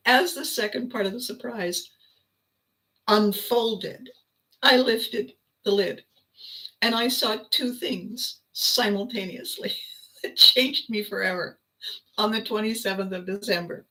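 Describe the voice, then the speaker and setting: An older woman hosting her own video, telling a personal story in a casual, animated way with frequent laughter. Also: mid-range voice, slow pace, pauses often, poor audio. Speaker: vlog host.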